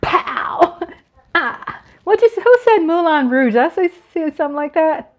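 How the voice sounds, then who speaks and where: A woman's voice: high voice, lively intonation, moderate pace. A woman in her fifties hosting a casual livestream, reading chat comments aloud with playful giggles and little sung riffs. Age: 50s. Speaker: livestream host.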